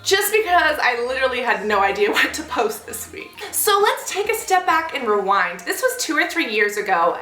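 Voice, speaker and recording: A young woman telling a story on her vlog in a lively way, with big jumps in pitch when she acts out quotes. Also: normal speed, hardly any pauses, reverberant, faint music behind, poor audio. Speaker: vlogger.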